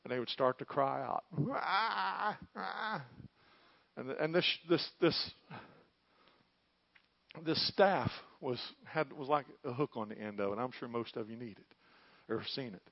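A man preaching a sermon, with an impassioned delivery that swells to loud peaks. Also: medium pitch, normal speed, dry recording, highs cut off.

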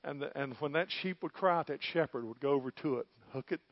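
A man delivers a folksy, impassioned sermon, his slightly high voice climbing to loud peaks. The sound is dry and close, with a somewhat dull, muffled tone. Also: fast talker, no room sound. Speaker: preacher.

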